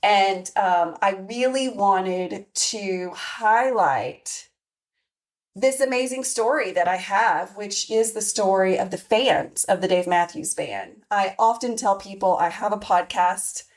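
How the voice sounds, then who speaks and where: A woman's voice: mid-range voice, slow. A woman in her forties hosting a podcast, talking candidly and reflectively with many fillers and restarts. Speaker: podcast host. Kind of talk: personal monologue.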